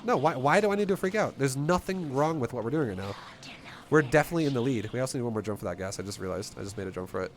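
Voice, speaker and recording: Playing and teaching a strategy game, a gameplay coach delivers casual, energetic commentary in a mid-range voice at rapid-fire speed, talking bluntly and swearing now and then. A little hiss or hum sits under the recording.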